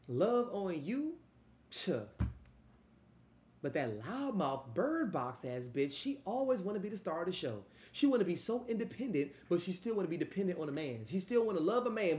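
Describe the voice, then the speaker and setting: A man giving loose, animated, profane reaction commentary, trailing off and restarting. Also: fairly high pitch. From Louisiana. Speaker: music reaction host. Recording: echoey room.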